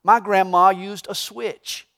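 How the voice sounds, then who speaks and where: A man preaching a sermon as a pastor, emphatic, swinging between loud stresses and hushed asides. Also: sits high, fairly even intonation, slow.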